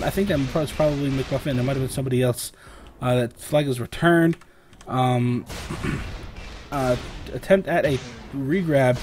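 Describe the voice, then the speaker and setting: A young man with a sore throat, casting a video game match alone in a rambling play-by-play full of fillers, often clearing his throat. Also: a little high, a little mellow, a little hiss or hum. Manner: rambling, filler-heavy, lifts and speeds up on big plays. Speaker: esports caster. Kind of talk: solo play-by-play game commentary.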